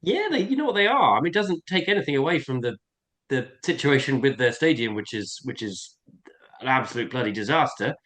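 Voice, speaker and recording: A man's voice: mid-range voice, brisk. Chatty man in podcast banter. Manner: animated, laughs often, chatty banter. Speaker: podcast co-host. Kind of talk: casual podcast chat.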